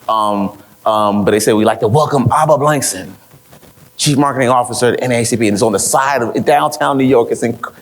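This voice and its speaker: A man giving a motivational talk to a live audience, telling stories with rhetorical repeats and acting out what others said. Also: lowish voice. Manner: rhetorical repeats, quoting others in lively voices. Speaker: speaker at an event.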